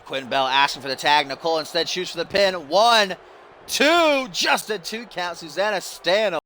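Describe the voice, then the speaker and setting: A young man doing excited, exasperated play-by-play commentary while playing a wrestling video game, laughing at the mistakes. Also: high-pitched, moderate pace, slight background noise. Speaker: gaming YouTuber.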